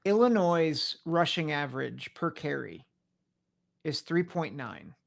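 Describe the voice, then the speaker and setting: Male podcast co-host with a gravelly, creaky voice, laid-back, reeling off stats. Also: slow pace. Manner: reads off stats in a low, relaxed way. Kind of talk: casual sports talk.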